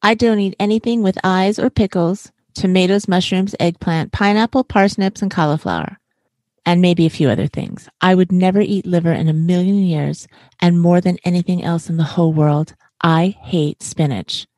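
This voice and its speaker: A woman's voice: on the low side, moderate pace, darkish tone, dry recording, natural voice. A woman voicing a stubborn, picky little girl with a whiny, defiant manner.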